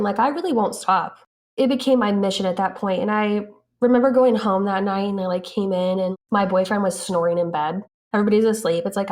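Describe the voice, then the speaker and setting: A woman casually telling a story, acting out the dialogue and saying "like" a lot. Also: medium pitch. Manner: animated, acts out quoted dialogue, frequent "like". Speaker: interviewee recounting events.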